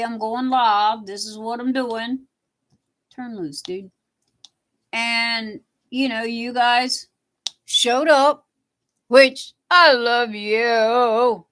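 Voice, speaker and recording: A middle-aged woman chats with her livestream viewers at an unhurried pace. Her voice sits a little high, and she rambles from thought to thought, answering comments and peppering everything with "you know". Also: a bit bright. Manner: rambling, chatty, reads viewer comments aloud; repeats "you know" a lot. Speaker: livestream host. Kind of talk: casual chat with live viewers.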